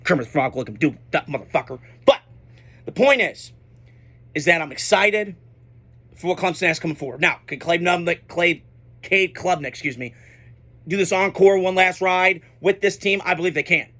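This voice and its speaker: Blunt high-voiced young sports ranter. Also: male voice, normal speed, long pauses, bright, forceful tone. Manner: blunt, unfiltered, profane. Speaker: sports commentator. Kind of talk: casual sports reaction monologue.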